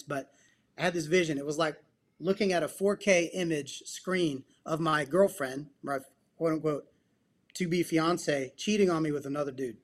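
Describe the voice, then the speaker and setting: An earnest male guest recounts a personal story in a casual interview. His voice sits a little above the usual male range, and he leans into the emphatic moments while staying relaxed and slangy in between. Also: fairly high pitch. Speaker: podcast guest, psychotherapist and men's coach.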